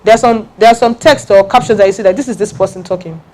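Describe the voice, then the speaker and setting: An emphatic woman speaks to a room of listeners in a lively talk. She presses her points home by saying them again and again, and she checks that the audience is following her. Her voice sits at an everyday middle pitch. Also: quick pace. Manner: emphatic, repeats key points, laughs and jokes with the audience. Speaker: speaker giving a talk on personal branding.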